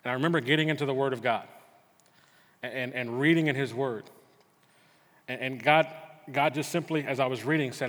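A man's voice: medium pitch, a little fast, pauses often, a bit bright. A middle-aged man preaching a sermon in a church, telling a personal story in an earnest way with frequent stammered restarts. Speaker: pastor. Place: church sanctuary. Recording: long hall reverb.

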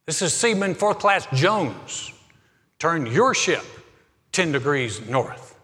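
A man voicing a young male seaman at a lighthouse, who answers slowly and steadily. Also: on the high side, pitched above the performer's own voice, full character voice. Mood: calm firm. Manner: slow, steady and unbothered. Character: calm, firm young male lighthouse keeper. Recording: long hall reverb, faint music.

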